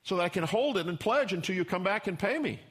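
A man's voice: high voice, expressive, quick pace, fairly bright tone, breathy edge, pitched above the performer's own voice, heavily acted. A man voicing a shrewd young woman who bargains and insists on her terms, in a storytelling sermon. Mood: bargaining.

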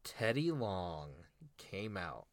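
A young man co-hosting a casual podcast, excitedly recapping a show with slang and laughter. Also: lowish voice, drawn-out words, no room sound. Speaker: podcast co-host. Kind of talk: casual chat.

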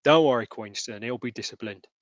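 A man voicing a big, calm male police sergeant, speaking slowly and flatly. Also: medium pitch, dull audio, natural voice. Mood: stern.

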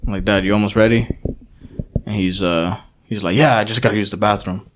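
A man's voice: fairly low pitch, fairly quick, background noise. A young man co-hosting a podcast, telling a rambling story in casual chat, swearing often and acting out what other people said. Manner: animated storyteller, swears a lot, acts out quotes. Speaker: podcast co-host.

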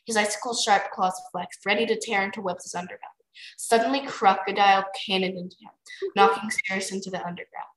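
A woman's voice: medium pitch, steady tone, fast talker, a bit bright, echoey room, low-quality recording. A young woman co-hosting a book club podcast, chatting casually and reading passages aloud. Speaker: podcast co-host.

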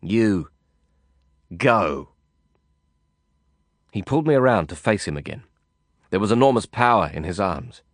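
Low-voiced man narrating a brooding novel. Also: big pitch swings, quick pace, dry recording, clean studio sound. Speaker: audiobook narrator. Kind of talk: first-person novel narration.

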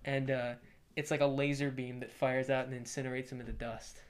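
A young man co-hosting a podcast in casual chat, joking in a deadpan, playful way. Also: mid-range voice, a little fast. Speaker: podcast co-host.

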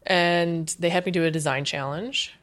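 A woman in her thirties, talking as a guest in a casual interview, chatty and animated, with lots of "like". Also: on the low side, moderate pace. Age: 30s. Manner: chatty, says "like" often, animated retelling. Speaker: guest, UX designer.

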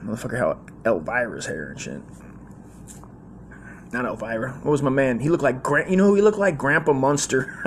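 A man's voice: mid-range voice, gravelly, slight background noise. A man in his forties telling a rambling, slangy, profane story in a casual way.

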